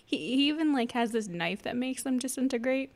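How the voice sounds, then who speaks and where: A woman talking through a movie with a friend in a relaxed, chatty way. She laughs often and drops dry, wry comments. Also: high-pitched, fairly quick. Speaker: podcast co-host. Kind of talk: casual movie recap chat.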